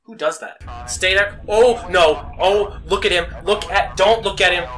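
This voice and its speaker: A gaming YouTuber doing let's play commentary, excitable, yelping and laughing at jump scares and tossing out mock insults and silly jokes. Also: mid-range voice, unhurried.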